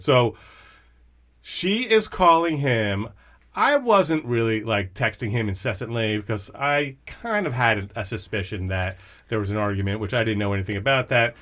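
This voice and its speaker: A man hosting a podcast, telling a story about an old friend in animated, casual chat, swearing and restarting often. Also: fairly low pitch, moderate pace. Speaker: podcast host.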